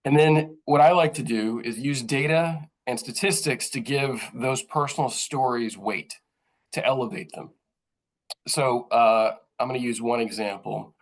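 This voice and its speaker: A man's voice: mid-range voice, measured pace, rough recording. A man, a journalist giving a thoughtful, earnest presentation to other journalists, with frequent fillers and restarts. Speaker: journalist speaking at a training session.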